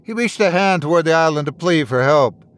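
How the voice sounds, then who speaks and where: A man reading a horror story aloud in a measured, somber storytelling manner. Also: on the high side, animated, fairly bright tone. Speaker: storyteller, podcast host. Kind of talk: scripted horror narration.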